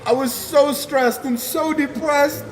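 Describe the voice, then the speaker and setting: A man's voice: extremely high pitch, fairly even intonation, takes it slowly, slight background noise. A man giving an impassioned personal testimony as a guest speaker, fervent and emotional, with casual slang.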